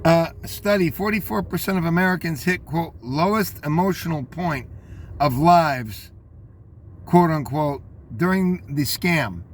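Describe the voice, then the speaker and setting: Rambling, scornful older man, high voice. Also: measured pace. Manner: rambling, scornful, talks straight to listeners. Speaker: commentator reading news headlines. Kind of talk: opinionated headline commentary.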